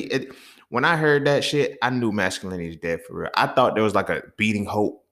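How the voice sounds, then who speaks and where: A man with a very low, gravelly voice and plenty of vocal fry. He hosts his own podcast and rants in a heated, profane, exasperated way. He sounds like a young adult talking off the cuff. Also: fairly quick, a bit bright. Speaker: podcast host. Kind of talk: casual solo podcast monologue.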